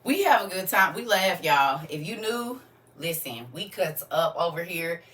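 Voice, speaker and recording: Bright-voiced woman chatting live to viewers. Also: on the low side, sing-song, a little slow, recorded from a distance. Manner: chatty and preachy, laughs often, talks straight to her viewers. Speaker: live-stream host. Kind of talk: casual live-stream chat to viewers.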